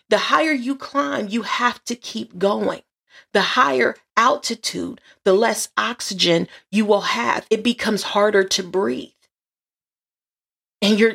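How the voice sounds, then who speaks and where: Gravelly woman hosting a faith podcast. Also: fairly high pitch, fairly bright tone. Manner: earnest, encouraging, repeats phrases. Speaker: podcast host. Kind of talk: inspirational faith talk.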